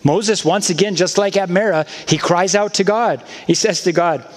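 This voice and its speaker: A pastor preaching a sermon in a relaxed, talk-like way, tossing in casual asides. His voice sits a little high for a man. The sound carries a long church-hall reverb. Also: moderate pace. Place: church sanctuary.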